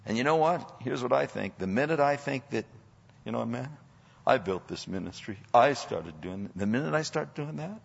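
A man's voice: medium pitch, expressive, normal speed, gravelly, breathy edge. A male pastor preaching a sermon in a church, emphatic and sometimes mockingly sarcastic. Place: church sanctuary. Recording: dull audio with long hall reverb.

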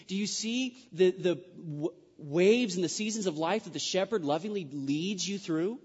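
A male pastor delivering a sermon with a slightly high voice, rising to forceful declarations and dropping to hushed asides as he repeats his key lines. The sound is dull and lo-fi, with a long reverb trailing each phrase through a large hall. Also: normal speed, hardly any pauses, slightly rough.

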